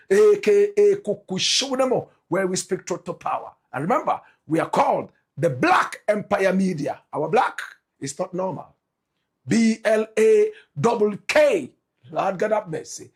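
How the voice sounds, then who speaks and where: A Ghanaian man hosts his show in Ghanaian English with a flamboyant, preacher-like cadence, stacking phrase after phrase. His voice sits high for a man. It carries a husky, grainy edge. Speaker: show host. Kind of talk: energetic show intro and sponsor pitch.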